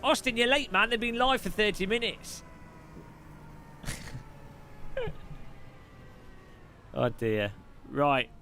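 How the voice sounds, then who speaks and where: Chatty man, bright voice. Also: high-pitched, very animated, very slow, pauses often, a little hiss or hum. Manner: chatty, jokey, rambling with restarts. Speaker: streamer host. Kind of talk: casual live-stream chat.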